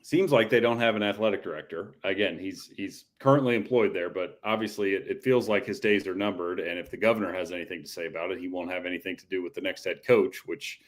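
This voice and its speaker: Male podcast co-host, lowish voice, casual and rambling sports opinions. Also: fast talker, few pauses. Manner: rambling, with frequent restarts.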